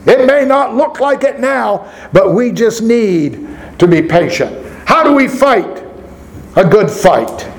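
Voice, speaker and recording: A man's voice: sits high, lively intonation, slow, low-quality recording. A man pastor preaching a sermon, reading scripture aloud and asking the congregation rhetorical questions.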